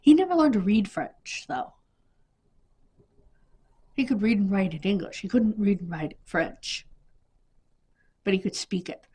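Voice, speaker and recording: Husky-voiced woman telling family stories. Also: mid-range voice, expressive, mellow. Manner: rambling, halting, with many restarts and fillers. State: coughing, sniffly. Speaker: vlogger. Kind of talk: casual personal storytelling.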